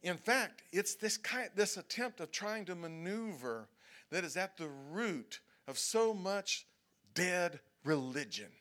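Male pastor, slightly high voice, chatty sermon in church, keeps asking "okay?". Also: very animated, takes it slowly, pushed and bright. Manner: conversational preaching, frequent "okay?" checks, acted-out prayers and whining. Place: church sanctuary.

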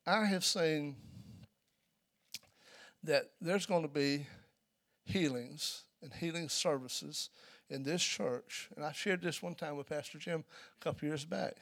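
A man preaching a sermon in a church, telling a story and building to loud, emphatic peaks. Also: a little high, takes it slowly.

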